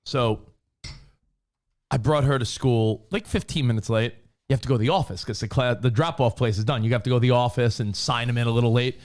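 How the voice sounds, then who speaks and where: A man co-hosting a talk show, chatting casually and acting out quotes in high voices. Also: fairly quick. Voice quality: animated storyteller, acts out quotes in high voices. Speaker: radio show co-host. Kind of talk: casual banter.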